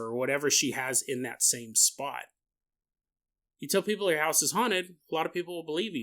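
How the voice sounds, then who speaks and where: A man's voice: fairly high pitch, pushed and bright. A man hosting a podcast, rambling and joking as he spins a story, often laughing. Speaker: podcast host.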